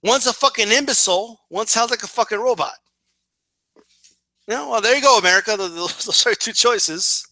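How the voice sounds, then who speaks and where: A man's voice: high voice, normal speed, sharp tone, no room sound. A man giving profane, emphatic political commentary in a casual rant, full of fillers and "right?" tags.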